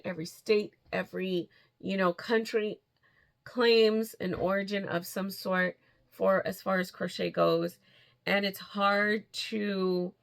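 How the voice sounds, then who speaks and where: A middle-aged woman vlogging in a chatty, excitable way, laughing often and restarting sentences. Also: lowish voice, gravelly. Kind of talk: casual chat. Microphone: camera in front, steps back and forth.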